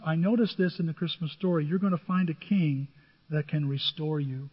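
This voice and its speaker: Older pastor with a husky, high voice. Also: male voice, steady tone, fairly quick. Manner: conversational storytelling, acts out biblical dialogue. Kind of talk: sermon. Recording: dull audio with long hall reverb.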